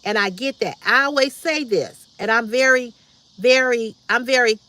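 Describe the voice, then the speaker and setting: Outspoken livestream host, woman in her fifties, direct and repetitive, bright forceful tone. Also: fairly high pitch, moderate pace. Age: 50s. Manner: blunt, direct, preachy repetition. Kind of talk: casual livestream chat reading comments.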